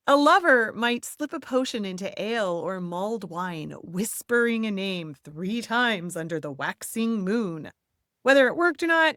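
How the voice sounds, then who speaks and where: A woman narrates a history podcast from a script, leaning into words with playful, theatrical emphasis and drifting into chatty asides. Her voice sits mid-pitched and is recorded dry and close, with no room around it. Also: a bit bright, no echo.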